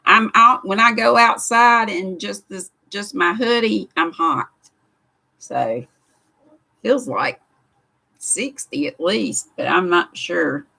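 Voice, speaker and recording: A woman's voice: medium pitch, takes it slowly, creaky, pushed and bright, husky. An older woman with a Southern American accent hosting a casual live stream from a craft room, greeting viewers by name in a chatty, homespun way. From United States. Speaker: livestream host. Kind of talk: casual live chat, reading viewer comments.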